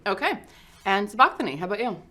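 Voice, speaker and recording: A woman running a tabletop game as game master, chatty and halting with frequent restarts. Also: mid-range voice, big pitch swings, sharp tone, husky.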